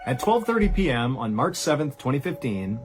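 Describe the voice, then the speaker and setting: A man hosting a storytelling show, narrating a true horror tale in a conversational way, full of "and so" and "like", dropping low and quiet at grim moments. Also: brisk, over music. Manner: animated, rises high for quoted cries; conversational, uses "like" and "and so". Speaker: storyteller host.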